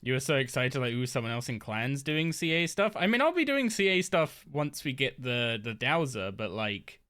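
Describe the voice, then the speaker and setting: Sitting at her home desk, a woman live-streams a game while chatting casually in a very deep, sing-song, slightly bright voice at normal speed. She rambles, using plenty of fillers and restarts.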